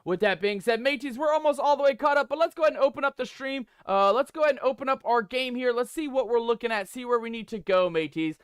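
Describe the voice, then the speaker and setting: A man's voice: extremely high pitch, quick pace, few pauses, clean tone, no echo. A man streaming live games, playing a playful pirate captain who hypes up his viewers with lots of repetition. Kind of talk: live game stream commentary.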